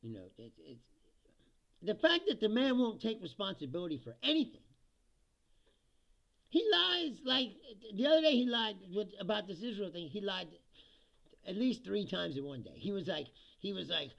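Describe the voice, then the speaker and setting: A high, gravelly man rants on a livestream, swearing freely, laughing at his own jabs and mimicking what others said. His voice is bright and pushed, swinging widely in pitch. The sound is dull and lo-fi, like cheap stream audio. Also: big pitch swings, moderate pace. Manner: profane, mocking, laughs often, mimics quotes. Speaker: livestream host. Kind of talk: political rant on a livestream.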